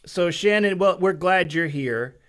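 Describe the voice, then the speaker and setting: A man hosting a casual church live stream, chatty, with halting restarts and easy laughter. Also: sits high, expressive, a bit bright, clear, resonant tone. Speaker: church webcast host.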